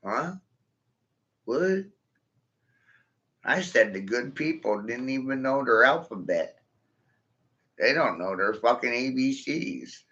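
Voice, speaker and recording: A man's voice: mid-range voice, expressive, slow, pauses often, pushed and bright. A man in a rambling, profane monologue, stringing rhyming wordplay together and laughing at his own jokes, recorded in his vehicle. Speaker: vlogger. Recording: dull lo-fi sound.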